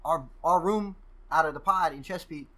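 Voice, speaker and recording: A man guest telling casual stories, profane and animated, acting out what people said. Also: fairly high pitch, moderate pace. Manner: profane, animated storyteller who acts out quoted exchanges. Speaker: podcast guest. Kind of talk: casual storytelling.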